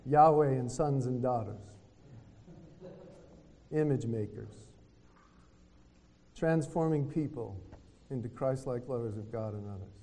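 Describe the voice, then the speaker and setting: A man giving a retreat talk in a preaching style, telling lively stories and acting out what other people said. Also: mid-range voice, a little slow, long pauses. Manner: lively storytelling that acts out other people's words. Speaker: retreat speaker. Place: hotel conference room. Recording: long reverb of a hotel meeting hall.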